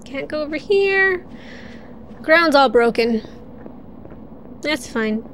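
Young woman gaming stream, high voice, giggles a lot, yells at the game, bit of hiss behind. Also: expressive, slow. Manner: chatty, giggly, talks to the game. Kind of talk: casual gameplay commentary.

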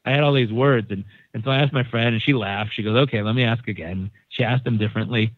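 A man with a mid-range voice speaks at a quick pace as a podcast guest from San Diego, United States. His casual story is animated, with the quoted voices of its characters acted out. The sound is dry and phone-like narrow, with no room sound.

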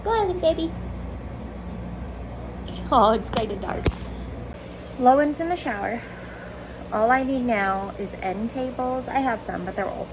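A woman vlogging to her phone camera, spilling the day's mishaps in a rambling, breathless way. Her voice sits somewhat high, and faint background noise runs under the recording. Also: normal speed, pauses often. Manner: rambling, breathless storytelling with "like" and "freaking". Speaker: vlogger mom. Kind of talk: casual chatty vlog. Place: home, car and store.

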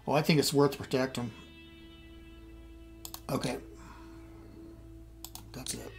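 A man's voice: medium pitch, fairly even intonation, takes it slowly, soft background music. A middle-aged man thinking aloud as he plays a strategy game, muttering and trailing off. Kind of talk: casual game commentary.

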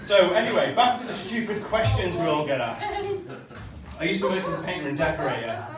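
A man's voice: high voice, expressive, fairly quick. A man doing a stand-up comedy set in a small club, sweary and conversational as he banters with the crowd, recorded from a distance. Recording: distant, echoey live venue recording with heavy noise. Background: audience laughter.

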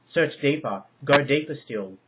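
A man's voice: medium pitch, lively intonation, normal speed, background noise, close to an everyday voice. A man reading a story aloud, voicing an anxious Minoan queen who pleads and presses with urgent questions. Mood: pleading. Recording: dull lo-fi recording.

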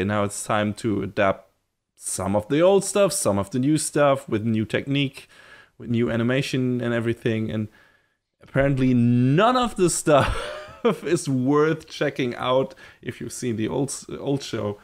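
A man co-hosting a podcast in casual chat, relaxed and hedging, laughing easily. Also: mid-range voice, normal speed. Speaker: podcast co-host.

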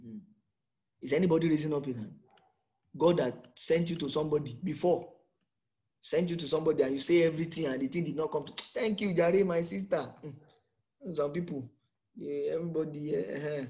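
A man's voice: fairly high pitch, steady tone, brisk, long pauses, warm tone. A man with a Nigerian accent preaching an emphatic sermon as pastor, full of rhetorical questions.

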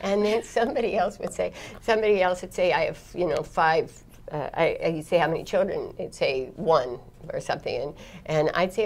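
A woman's voice: lowish voice, a little fast, a little mellow, slight background noise. A middle-aged woman, a foreign correspondent, recounting her career in a chatty interview, laughing often and restarting her sentences. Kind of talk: reflective interview storytelling.

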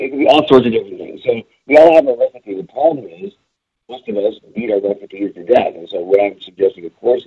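A man giving a conversational webinar talk on small business, telling stories in a lively way with many fillers. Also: lowish voice, slightly rough, dull audio. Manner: lively storyteller, frequent fillers.

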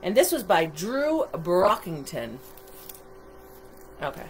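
Animated woman reading a storybook aloud. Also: fairly low pitch, slow, a little hiss or hum. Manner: chatty, animated, asks listeners questions. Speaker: storytime reader. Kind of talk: reading a picture book aloud to children online. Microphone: computer microphone on a livestream.

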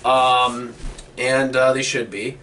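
A man's voice: medium pitch, little pitch movement, takes it slowly, sharp tone. Hesitant man giving sports picks. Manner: hesitant, many fillers. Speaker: co-host making picks. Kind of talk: casual sports chat. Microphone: online call. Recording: distant mic with faint noise.

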